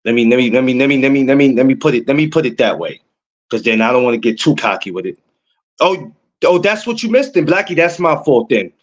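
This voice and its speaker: A young man hosts a livestream in a casual, hyped way. He answers viewers in chat and circles back over the same words again and again. His voice sits at an everyday middle pitch. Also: fast, highs cut off. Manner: excitable, repeats himself, talks to chat viewers. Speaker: podcast host.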